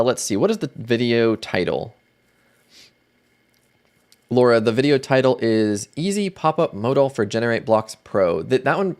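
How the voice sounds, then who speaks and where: A man hosting a casual livestream, chatting in a relaxed way and greeting viewers by name. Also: mid-range voice. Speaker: livestream host.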